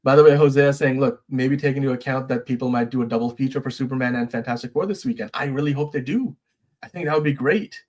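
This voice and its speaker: A man's voice: medium pitch, fast, darkish tone. A man hosting a casual live-stream chat, easygoing and agreeable, reading out viewer comments with plenty of fillers. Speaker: show host.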